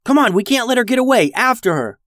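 A man voicing an eager young boy in a storybook reading, pitched well above his own voice. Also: sing-song, normal speed, fairly bright tone, no room sound, studio quality. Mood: urgent. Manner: eager, urgent. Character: brave, urgent young boy leading his sisters.

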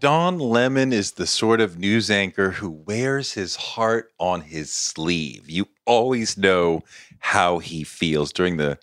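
A man hosting a podcast, introducing his guest and the episode in an earnest, measured way. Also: deep voice, expressive, fairly bright tone, no echo, soft background music. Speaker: podcast host. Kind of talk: scripted introduction and interviewing.

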